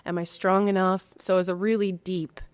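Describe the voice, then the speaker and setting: A woman hosting a podcast, sharing a personal story with warmth and emotion. Her voice is lively and expressive, and she acts out the people she quotes. She sounds close to the microphone in a dry room with no echo. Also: lowish voice, brisk, clean tone. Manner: emotional, gets choked up. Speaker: podcast host. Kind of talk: casual conversational interview.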